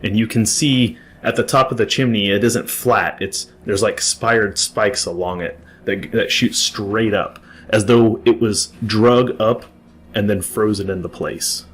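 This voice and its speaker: A man's voice: on the low side, measured pace, a bit bright, slightly rough. A man narrating a tabletop game as game master, describing scenes at length with frequent restarts.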